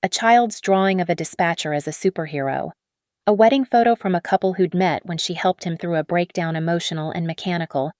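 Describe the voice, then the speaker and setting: A woman narrating a first-person story in a steady, measured way. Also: on the low side, no room sound, clean studio sound.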